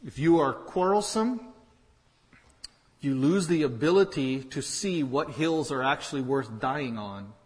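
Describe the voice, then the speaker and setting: A man's voice: fairly high pitch, lively intonation, unhurried, darkish tone. Man preaching in a reverberant hall. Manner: conversational preaching, wry asides, pointed repetition. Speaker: pastor. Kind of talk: sermon.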